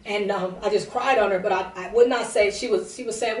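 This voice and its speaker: Fairly quick and steady in tone, a mid-range female voice belongs to a prophetess broadcasting a service. She gives a rambling, tearful personal testimony full of restarts, recorded roomily at a distance from the mic.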